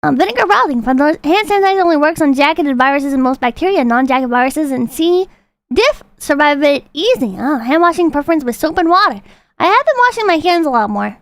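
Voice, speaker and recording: A woman livestreamer commenting casually on videos, with profane, excitable outbursts between calm readings of donations. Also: high voice, fast.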